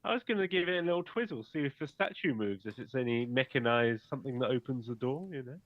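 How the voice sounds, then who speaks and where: A man's voice: medium pitch, lively intonation, fast talker, no echo. A man playing a tabletop game, speaking in a laid-back, hesitant way. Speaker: player. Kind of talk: tabletop role-play chat. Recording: dull dry lo-fi mic.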